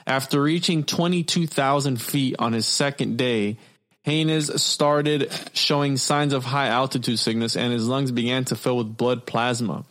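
A man's voice: mid-range voice, steady tone, a little slow, a bit bright. Young man, podcast host, reads aloud, stumbles, swears casually. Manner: swears freely, stumbles while reading. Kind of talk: casual podcast chat, reading stories aloud.

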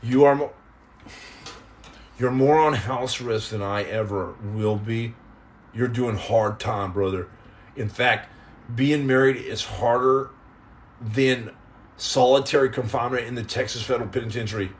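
A man's voice: mid-range voice, unhurried, long pauses, a little hiss or hum. A man hosting a podcast live stream, casually chatting and joking sarcastically with viewers in the comments. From United States. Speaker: podcast host.

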